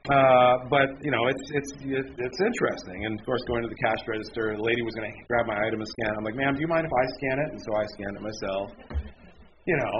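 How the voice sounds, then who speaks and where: A man in his thirties preaches in a loose, chatty way, wandering off on tangents, tripping over his own words and poking fun at himself. The recording is dull and lo-fi, with a steady hiss of noise underneath. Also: fairly low pitch, fast. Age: 30s. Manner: rambling, self-deprecating, frequent restarts. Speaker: pastor. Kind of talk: casual conversational sermon. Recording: muffled, noisy lo-fi recording.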